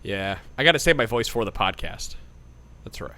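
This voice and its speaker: A man's voice: lowish voice, animated, moderate pace, sharp tone. A man in his thirties hosting a casual gaming podcast, joking around and swearing casually. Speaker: podcast host.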